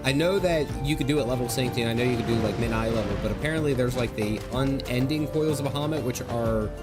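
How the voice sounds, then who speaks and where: A man's voice: medium pitch, fast. Rambling male gaming streamer. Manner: rambling and excitable, many fillers and restarts. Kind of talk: casual livestream commentary. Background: game music.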